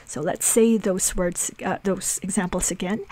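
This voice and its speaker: A woman's voice: mid-range voice, normal speed, hardly any pauses, mellow. A woman teaching a language lesson, patiently explaining rules and repeating example phrases.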